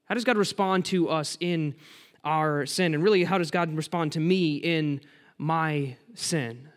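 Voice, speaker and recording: A man's voice: on the high side, a little slow. A man preaching a conversational sermon to his congregation, with self-deprecating humor and direct questions to the listeners. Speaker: pastor.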